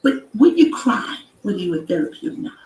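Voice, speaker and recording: A woman hosting a live stream, giving an emphatic preaching-style motivational talk that repeats phrases and rises to shouts. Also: mid-range voice, big pitch swings, a little fast, recorded from a distance. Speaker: inspirational live-stream host. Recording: echoey room, off-mic with background noise.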